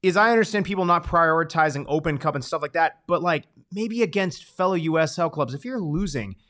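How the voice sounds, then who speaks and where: A man's voice: on the high side, expressive, a little fast, fairly bright tone. A man co-hosting a casual soccer podcast, chatting conversationally and steering topics along. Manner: conversational, with frequent fillers and agreement. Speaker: podcast co-host. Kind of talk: casual soccer preview chat.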